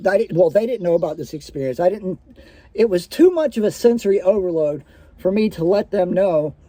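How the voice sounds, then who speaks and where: A man's voice: high voice, lively intonation, fairly quick, mellow, no room sound. A man telling a personal story in a casual, profane way, full of restarts and fillers.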